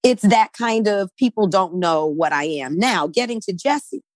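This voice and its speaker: In a conversational discussion, a woman makes her points emphatically, often ending sentences with "right?" Her voice is animated and medium-pitched in an ordinary middle register, a little slow, with a close, dry recording and no echo.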